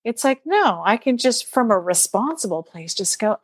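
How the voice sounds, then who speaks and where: A woman talking as an interview guest, animated and chatty, acting out her own inner voice in quotes and laughing lightly now and then. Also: mid-range voice, moderate pace, few pauses, breathy edge, dry recording, clean studio sound. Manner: laughs lightly mid-sentence. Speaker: guest speaker and teacher. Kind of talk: casual interview chat.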